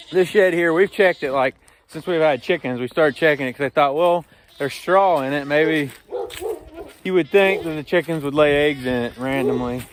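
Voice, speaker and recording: A man, talking casually while doing farm chores and calling loudly to his animals. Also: a little high. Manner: calls loudly to animals, chatty and laughing. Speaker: farm vlogger. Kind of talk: casual farm vlog narration. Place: outdoors on a farm.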